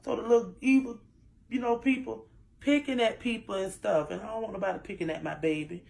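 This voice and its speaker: A woman's voice: mid-range voice, steady tone, fairly quick, creaky, darkish tone. A middle-aged woman, a mother chatting casually to her viewers while doing her daughter's hair, rambling and full of asides. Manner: rambling, talks straight to viewers with frequent asides.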